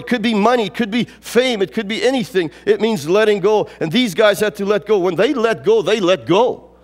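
High-voiced man preaching in a hall. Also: darkish tone. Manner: emphatic, repeats phrases, rises and falls in pitch. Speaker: pastor. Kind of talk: sermon. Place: church sanctuary.

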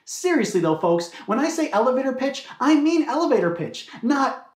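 A man hosting a comedy video, giving a scripted monologue with a mock-salesman, deadpan delivery. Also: extremely high pitch, moderate pace, roomy sound.

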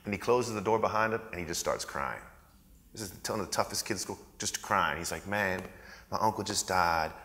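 Bright-voiced man telling stories in a hall. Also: deep voice, fast. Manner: animated storyteller acting out quotes. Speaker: conference presenter. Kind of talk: storytelling conference talk. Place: conference hall. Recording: echoey hall.

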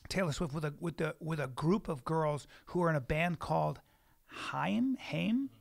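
A man's voice: a little high, steady tone, a little fast, gravelly. A man in his forties, a comedian co-hosting a podcast, telling a rambling, profane story in casual chat. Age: 40s. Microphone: studio mic.

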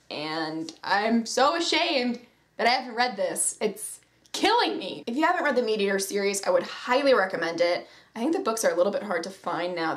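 A young woman chatting casually as a book vlogger, gushing and self-deprecating, with a lot of "like". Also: medium pitch. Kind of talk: casual chat.

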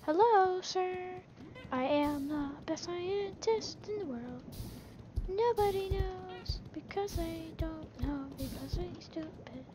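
A woman's voice: very high-pitched, animated, slow, loud music behind the voice, pitched above the performer's own voice, full character voice. Woman putting on a pompous bragging scientist. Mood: boastful. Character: boastful self-proclaimed genius scientist, adult.

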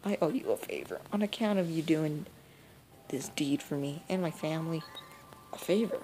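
A woman's voice: low-pitched, normal speed, dark tone, lightly acted. A woman voicing a folksy, grieving old grandmother from a video game, reading the dialogue in a drawling way. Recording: noisy home recording.

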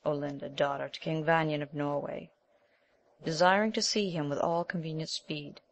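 A woman narrating an old chivalric romance as scripted audiobook narration, in a measured, even reading. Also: low voice.

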